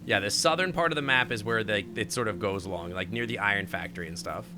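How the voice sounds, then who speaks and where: A man's voice: fairly low pitch, fast talker, noisy background. A man streaming a game, chatting casually, laughing easily and swearing offhand. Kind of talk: casual gaming chat.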